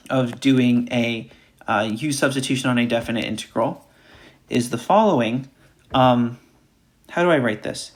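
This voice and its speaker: Man talking through math steps. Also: medium pitch. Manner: talks through steps aloud, repeats key points. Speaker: math instructor. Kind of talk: recorded math lecture.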